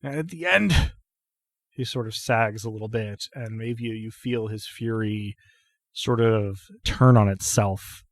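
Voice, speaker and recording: Unhurried man running a tabletop game. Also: fairly low pitch, no echo, clean studio sound. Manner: relaxed, unhurried, laughs easily. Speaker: game master.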